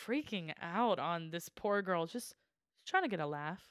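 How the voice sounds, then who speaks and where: A young woman co-hosting a podcast, telling stories in a lively way and laughing often as she talks. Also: lowish voice, a little slow, clear, resonant tone, dry recording, clean studio sound. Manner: animated storyteller, laughs often. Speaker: podcast co-host. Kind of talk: casual chat.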